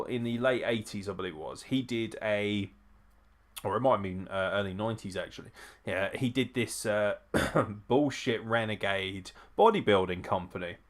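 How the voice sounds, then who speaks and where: A man hosting a live watch-along, reacting casually and profanely, often chuckling as he comments. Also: medium pitch. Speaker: wrestling show host.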